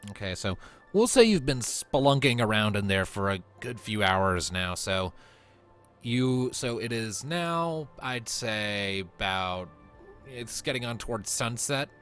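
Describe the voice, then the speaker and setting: A man running a tabletop game as game master, narrating scenes in a relaxed, descriptive way with casual fillers. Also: lowish voice, measured pace, smooth, faint music behind.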